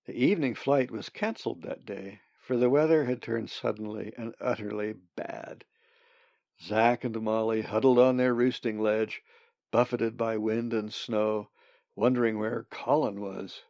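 A man narrating a storybook in a measured, deliberate reading. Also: lowish voice, steady tone, vocal fry, darkish tone, no room sound. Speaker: audiobook narrator. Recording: dull, slightly muffled sound.

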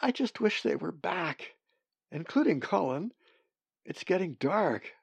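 Man putting on a young female raven, high and fretful, gravelly, dull sound. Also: big pitch swings, measured pace, no room sound, exaggerated voice. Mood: anxious. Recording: dull, slightly muffled sound.

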